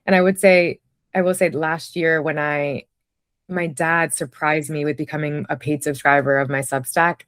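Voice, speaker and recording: Woman, casual conversation, reflective storytelling, lowish voice, dry recording. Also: fairly even intonation, moderate pace, a bit bright, no room sound. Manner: reflective, storytelling with many fillers. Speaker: podcast guest, writer.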